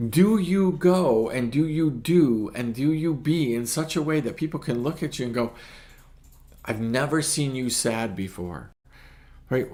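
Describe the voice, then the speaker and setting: A man's voice: mid-range voice, darkish tone. A middle-aged man preaching a short sermon in a conversational teaching style, often checking in with "right?". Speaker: pastor.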